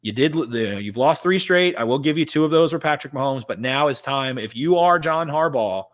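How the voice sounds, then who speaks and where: A man's voice: on the high side, expressive, moderate pace. A young man co-hosting a sports podcast, talking in an emphatic, ranting way and repeating points for effect. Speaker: podcast co-host. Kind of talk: casual sports talk.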